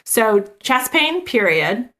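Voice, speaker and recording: A woman's voice: a little high, sing-song, slow, pushed and bright. A woman, an emergency physician, chatting in an interview over a video call, talking casually with many fillers and restarts. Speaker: emergency physician and author, guest.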